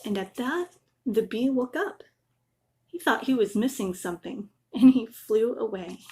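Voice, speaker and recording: A woman gently reading a children's bedtime story aloud, adding little asides. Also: a little high, lively intonation, unhurried.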